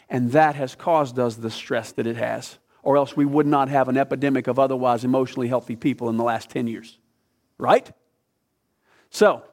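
A man preaching a sermon as a pastor and counselor, quoting Scripture and putting questions to the congregation. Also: fairly high pitch.

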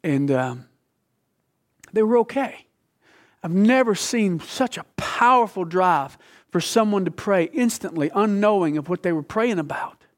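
A middle-aged male pastor preaching a sermon, telling a story with passion and dropping from loud to hushed. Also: high-pitched, expressive, a little slow.

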